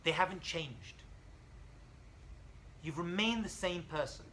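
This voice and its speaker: A man's voice: a little high, slow, a little hiss or hum, rough recording. A man, a rabbi, giving an informal college class, telling stories animatedly and joking with students. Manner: animated storyteller, acts out dialogue, jokes with students.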